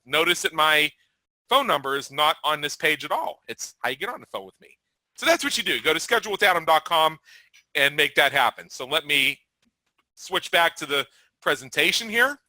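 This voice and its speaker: A man's voice: fairly high pitch, bright, forceful tone, dry recording, poor audio. A man hosting a webinar presentation, talking through his scheduling page and answering questions in an upbeat, salesy manner. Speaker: webinar host.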